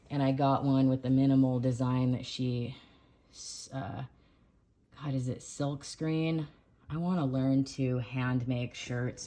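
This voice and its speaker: Very low-voiced woman rambling in a vlog. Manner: rambling, self-correcting, soft-spoken. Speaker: music vlogger and musician. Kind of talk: casual video review. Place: dim room at home.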